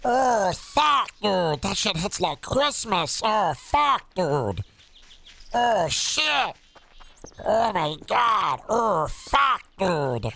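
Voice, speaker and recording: A man's voice: high voice, very animated, drawn-out words, vocal fry, bright, forceful tone, voice pushed up, full character voice. A man voicing a stoned little gnome who gasps, coughs and swears between hits of a vape. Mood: stoned, giddy.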